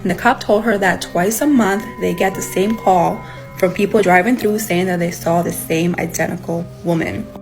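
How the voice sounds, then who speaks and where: A woman's voice: lowish voice, normal speed, a little mellow, soft background music, poor audio. A woman retelling someone else's ghost story in a chatty storytime way, closing with her usual catchphrase. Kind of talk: casual storytime.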